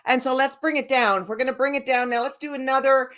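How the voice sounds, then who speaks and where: A woman leading a laughter yoga session, bubbly and giggly, gently coaching the viewer directly. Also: high-pitched, steady tone, fast talker.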